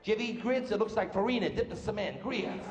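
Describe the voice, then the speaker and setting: A man's voice: sits high, dull audio, background noise. A male stand-up comedian, firing off jokes on stage and slipping in character voices. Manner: brash rapid-fire joke delivery, putting on characters' voices. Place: stage before a live audience. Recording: echoey live club sound with room reverb.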